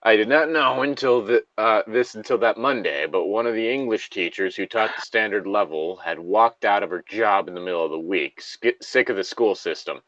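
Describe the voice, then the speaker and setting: A man's voice: fairly low pitch, moderate pace, few pauses, a bit bright, no echo, lo-fi sound. A man reading a story aloud and trading crude jokes, laughing often. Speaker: story reader and co-host. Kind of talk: casual banter and story reading.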